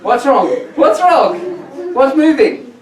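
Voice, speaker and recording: A high-voiced man works a theatre crowd as a comedy magician, playful and teasing, his pitch bouncing all over. He sounds far from the mic, and the hall echoes around him. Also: lively intonation, slow. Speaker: magician performing on stage. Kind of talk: comedy magic act with audience banter. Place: theatre stage before an audience. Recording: roomy echo from far off.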